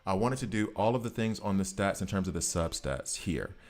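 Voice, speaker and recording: A man with a fairly low voice talks loosely to his live-stream chat while he plays. He rambles, doubles back and corrects himself mid-sentence in an easy, unscripted way. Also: lively intonation, brisk. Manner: rambling, self-correcting, chats directly with viewers. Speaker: gaming streamer.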